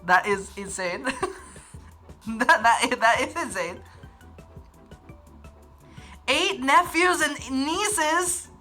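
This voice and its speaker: A woman's voice: sits high, animated, very slow, pauses often, bright, forceful tone, soft background music. A young woman from Northern Ireland with a Northern Irish accent, chatting casually on a livestream and reading viewer comments, giggly and rambling with lots of restarts. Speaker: livestream host.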